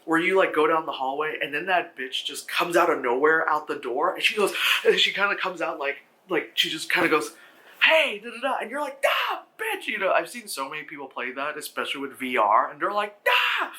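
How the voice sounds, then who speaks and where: A man giving a casual, animated film review, often swearing and acting out characters' reactions in shrieking voices. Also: brisk, few pauses. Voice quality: bright, animated and expressive, swears freely. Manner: acts out characters in squealing high voices. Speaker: movie reviewer.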